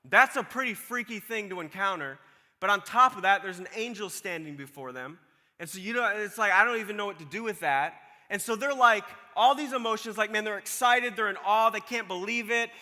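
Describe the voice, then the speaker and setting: A man preaching a sermon, reading scripture and retelling it in a casual, animated way, acting out the people in the story. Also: sits high, a little fast, long reverb tail. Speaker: pastor.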